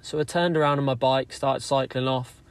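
A man sending in a story, told lively and acting out what people said. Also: mid-range voice, normal speed, slight background noise. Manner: lively storyteller, acts out quotes. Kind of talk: recorded voice note story.

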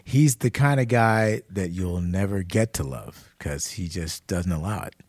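An older man in his sixties chats casually as a guest songwriter. His voice swings lively up and down, and he talks in halting, repeated starts that go softer and slower as he looks back. The sound is dry and close, with no room around it. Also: low voice, dry recording. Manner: halting and repetitive, drops softer and slower when reminiscing. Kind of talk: casual storytelling chat.

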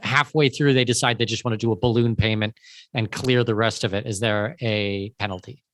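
A man's voice: fairly low pitch, steady tone, a little fast, fairly bright tone, no echo, studio quality. A man from Canada hosting a webinar, reading out audience questions in an upbeat way. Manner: upbeat, reads questions aloud. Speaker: host.

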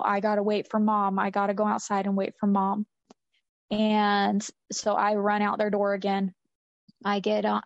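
Woman with a flat, earnest voice on dull audio. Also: mid-range voice, gravelly, no echo. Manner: earnest, repeats phrases for emphasis. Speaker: interview guest. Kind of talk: recounting a personal story. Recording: dull lo-fi sound.

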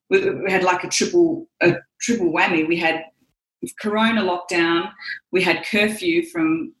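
Australian woman, middle-aged, chatty guest, self-mocking, roomy sound. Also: on the low side. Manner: candid, rambling, self-mocking, many fillers. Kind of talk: casual emotional interview chat. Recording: roomy echo.

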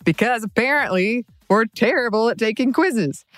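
A woman's voice: on the high side, animated, normal speed, fairly bright tone, no room sound. A woman co-hosting a podcast in casual chat, giggly and a bit nervous. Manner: giggly, nervous, answers briefly. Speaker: podcast co-host.

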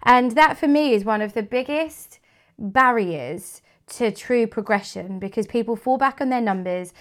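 A woman's voice: mid-range voice, lively intonation, unhurried. A woman speaking as an interview guest about her work in marketing, frank and opinionated, with many fillers. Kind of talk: casual interview talk.

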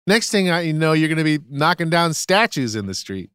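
A man co-hosting a podcast, riffing in a casual comedic chat with animated, mock-outraged rants. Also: a little high, fairly quick, clear, resonant tone, no echo, clean studio sound. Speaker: podcast co-host.

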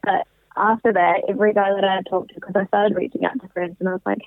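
A woman in her twenties recounts her story casually as an interview guest, sprinkling in lots of "like" and "um." Her pitch is medium and her tone steady, and she talks fast. The sound is dry, coming through a tinny phone line.

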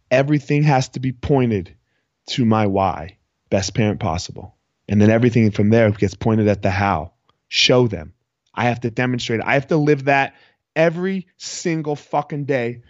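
Thirtysomething guy swearing through a pep talk, kinda high voice, dry dull mic. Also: no echo. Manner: blunt, profane, repeats lines for emphasis. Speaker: podcast host. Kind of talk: motivational monologue.

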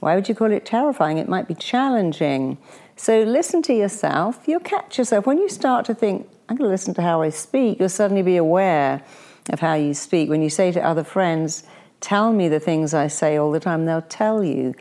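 A woman guest who coaches clients, chatting and telling anecdotes in an animated way, acting out the voices of the people she quotes. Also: on the low side, normal speed. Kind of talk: conversational podcast storytelling.

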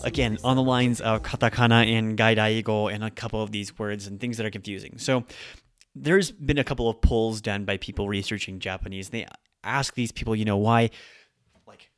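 A young adult man hosting a casual Japanese language lesson, explaining loan words in a relaxed, chatty way with fillers and quick self-corrections. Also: on the low side. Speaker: host teaching Japanese.

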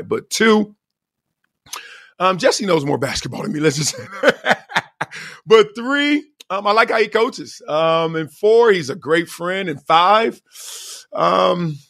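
A man hosting a podcast in casual chat, hoarse from yelling, animated and laughing often. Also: on the high side, no room sound, studio quality. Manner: animated, laughing, shouts out coaching lines. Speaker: podcast host.

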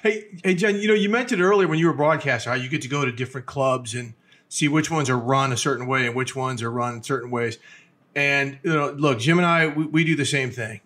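A man's voice: medium pitch, brisk, fairly bright tone. A man hosting an interview, asking direct, long-winded questions of his guest. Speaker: interview host.

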